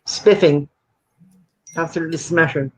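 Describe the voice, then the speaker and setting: A man putting on the voice of a pompous upper-class English gentleman with plummy, old-fashioned phrasing during a live football watchalong. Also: very high-pitched, lively intonation, racing, husky, pitched above the performer's own voice, heavily acted, rough recording. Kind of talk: comic put-on voice in a live watchalong.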